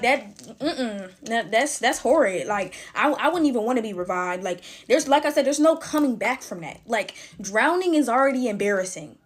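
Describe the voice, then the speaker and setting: A woman's voice: on the high side, low-quality recording. A woman in her twenties chatting casually while making slime, drawling and filling her talk with "like" and "y'all". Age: 20s.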